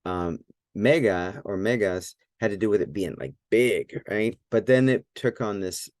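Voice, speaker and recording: A man teaching a Greek lesson at a whiteboard, relaxed and thinking aloud, with many fillers and restarts. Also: fairly low pitch, a little slow, no room sound.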